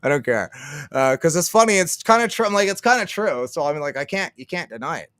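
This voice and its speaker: Clean studio sound with no room noise carries a Canadian man's slightly high, a bit bright voice as he talks fast and very animatedly. Hosting a casual livestream, he rambles, swears, laughs frequently, and acts out quotes.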